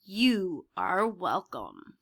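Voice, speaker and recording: A calm, helpful pig friend from a children's storybook, voiced by a woman. She explains things plainly and patiently, with a slow, unhurried delivery. Her tone is bright and clear. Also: lowish voice, pitched below the performer's own voice, heavily acted. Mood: reassuring. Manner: calm, matter-of-fact.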